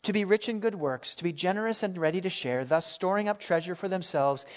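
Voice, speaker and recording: A man's voice: high-pitched, a little fast. A man preaching a sermon as pastor in a church, earnest and emphatic, rising and falling in force as he exhorts the congregation.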